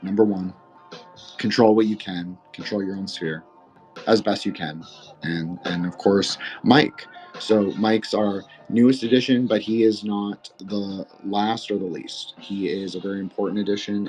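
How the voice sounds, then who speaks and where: A man's voice: sits low, a little mellow. A man hosting a casual roundtable podcast, rambling, earnest and emotional, with frequent profanity. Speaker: podcast host and moderator.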